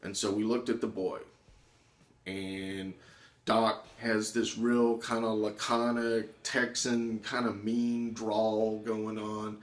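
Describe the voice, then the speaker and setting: A man telling a personal story in an animated way, acting out the voices of the people in it. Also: on the low side, slow pace. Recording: echoey room.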